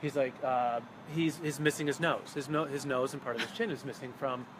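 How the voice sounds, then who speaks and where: A man guiding a local history tour outdoors, telling a story in a casual, animated way and acting out quotes. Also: medium pitch, a little fast. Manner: animated, chatty, acts out quotes. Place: outdoors on a city street. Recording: outdoor street noise with passing cars. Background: traffic and city ambience.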